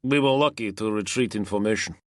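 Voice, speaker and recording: A man's voice: lowish voice, brisk, no room sound, studio quality, close to an everyday voice. A man voicing a reserved young Roman soldier who answers in short, clipped lines. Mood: guarded. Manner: terse, clipped replies.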